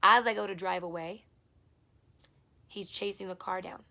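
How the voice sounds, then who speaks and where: A woman vlogging her own story, blunt and profane, her talk swinging from low mutters to loud, exasperated bursts. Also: steady tone, moderate pace, vocal fry, long pauses. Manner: heated, blunt and profane, retelling an abusive relationship. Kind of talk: personal storytime vlog.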